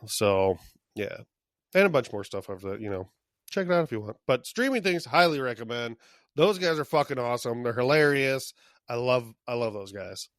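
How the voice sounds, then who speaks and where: A man's voice: medium pitch, animated, normal speed, a bit bright, dry recording, clean studio sound. A man co-hosting a podcast in casual chat, loose and profane, often laughing. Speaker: podcast co-host.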